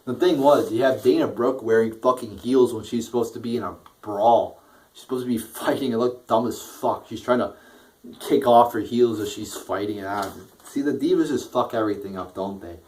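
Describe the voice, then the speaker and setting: A man's voice: medium pitch, normal speed, darkish tone, slight background noise, low-quality recording. A man giving a casual, profane review, blunt and rambling, with a bored, dismissive tone. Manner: blunt, crude, rambling with frequent swearing. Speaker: wrestling show reviewer.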